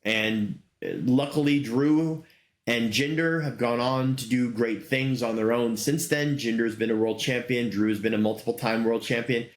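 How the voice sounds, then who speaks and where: A man's voice: mid-range voice, fairly even intonation, moderate pace. A middle-aged man hosting a casual solo talk show, rambling enthusiastically with many fillers. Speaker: podcast host. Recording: roomy echo.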